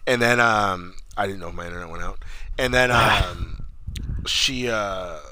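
A man casually recapping a horror movie on a remote call, rambling with many fillers and acting out the characters in quick voices. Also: fairly low pitch, sharp tone. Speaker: podcast co-host.

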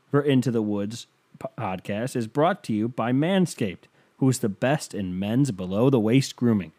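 A man hosts his own podcast from a bedroom at home and turns a sponsor read into a stand-up bit. He jokes crudely and pushes hyped-up salesman patter. His voice sits at an ordinary pitch with a warm, darker tone. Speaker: podcast host. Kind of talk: comedic ad read.

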